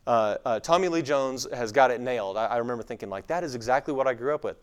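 He talks fast in a smooth, mid-range voice, a West Texas man with a slight accent giving a casual Bible lecture to a live audience. Fillers come often in his conversational style, and he acts out the voices in the passages he quotes.

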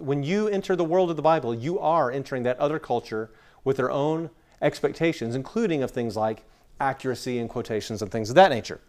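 Chatty man from West Texas teaching. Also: on the high side. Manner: chatty, explains through everyday stories and acted-out quotes. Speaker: Bible teacher. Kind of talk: conversational lecture to a room. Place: room with an audience.

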